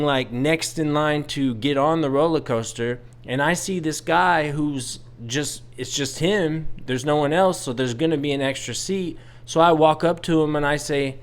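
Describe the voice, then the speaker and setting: A man's voice: a little high, clear, resonant tone. Exasperated man venting a story. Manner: exasperated, venting, blunt with swearing. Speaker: vlogger. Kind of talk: casual storytelling rant.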